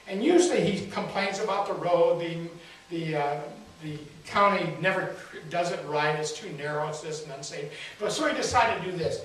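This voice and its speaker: A man's voice: high-pitched, animated, normal speed, fairly bright tone. Man speaking in a very echoey hall. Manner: folksy, engaging, asks the audience questions. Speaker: spiritual speaker. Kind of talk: inspirational talk with storytelling. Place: large hall at a spiritual center. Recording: echoey hall, distant mic, faint hiss.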